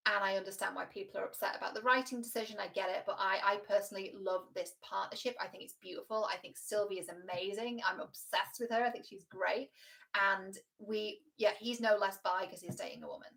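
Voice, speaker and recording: A woman relationship coach giving casual reaction commentary, frank and animated, swearing freely. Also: mid-range voice, a little fast, creaky.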